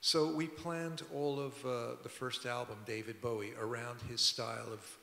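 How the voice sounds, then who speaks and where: An older man tells rambling stories at a public talk, his gravelly voice edged with brightness. He restarts his sentences as he goes. It rings through a big hall with a long tail. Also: mid-range voice, fairly even intonation, moderate pace. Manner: rambling, conversational, frequent restarts. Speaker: record producer and musician, guest. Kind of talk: anecdotal storytelling at a public talk. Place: museum auditorium. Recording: echoey hall.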